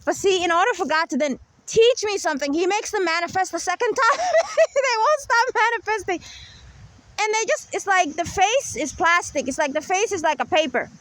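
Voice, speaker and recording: A woman's voice: very high voice, animated, a little fast, hardly any pauses, a bit bright, dry recording. A woman hosting her own channel, talking in a rambling, insistent monologue and keeping the listener with her by repeating "right?" and "okay?". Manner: repetitive, keeps checking with "right?" and "okay?"; insistent, lecturing tone. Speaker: channel host.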